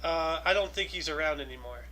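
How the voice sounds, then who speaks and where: A man's voice: a little high, brisk, sharp tone, poor audio. A man co-hosting a casual chat, reading out history events and rambling loosely with lots of filler phrases. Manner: rambling, loose, many "you know"s. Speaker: co-host.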